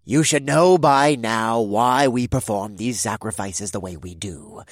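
A man's voice: medium pitch, a little slow, no echo, clean studio sound, voice pushed up, close to an everyday voice. A man voicing a solemn male cult leader who speaks with gravitas in an audiobook. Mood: stern. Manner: weighty, solemn.

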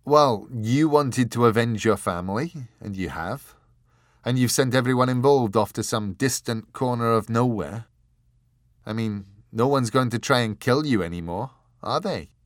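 A man's voice: mid-range voice, a little slow, dry recording, studio quality, voice pushed up, close to an everyday voice. A man voicing an exasperated young man in an audiobook, talking emphatically and pressing with questions. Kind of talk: audiobook character voice.

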